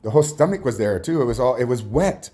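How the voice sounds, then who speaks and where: A man telling a personal religious testimony in a rambling, halting way, full of restarts and trailing asides. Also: medium pitch, expressive, mellow. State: tired, emotionally drained. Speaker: religious teacher.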